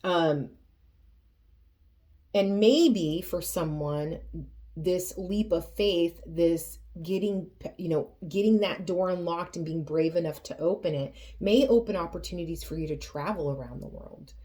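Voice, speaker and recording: A woman giving a tarot reading to her viewers, earnest and emotional, often pausing and restarting her sentences. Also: on the low side, mellow. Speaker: tarot reader.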